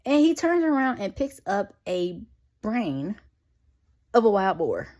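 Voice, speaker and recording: Young woman reviewer, lively pitch that swings up and down, sarcastic and slangy asides throughout a casual recap. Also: takes it slowly. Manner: sarcastic, incredulous asides to the viewer; slangy, conversational.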